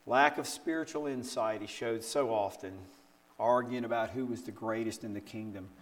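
An older man preaching a sermon, telling stories with rhetorical questions and acting out quotes with sudden jumps in pitch. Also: moderate pace. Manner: animated storytelling with rhetorical questions. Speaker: pastor.

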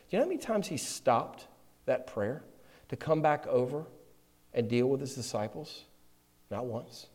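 A man preaching a sermon, moving between loud, emphatic passages and quiet, close asides. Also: medium pitch. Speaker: pastor. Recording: long hall reverb.

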